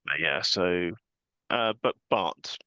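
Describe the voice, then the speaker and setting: A man hosting a casual podcast chat, relaxed and rambling, chuckling often. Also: low-pitched, slow, clear, resonant tone, no room sound. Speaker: podcast host. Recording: dull lo-fi sound.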